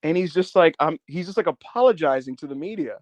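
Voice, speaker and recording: Animated, swearing man on a podcast. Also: a little high, fast, no echo. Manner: animated storytelling, swearing, acts out quotes. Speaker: podcast co-host. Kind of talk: casual podcast chat.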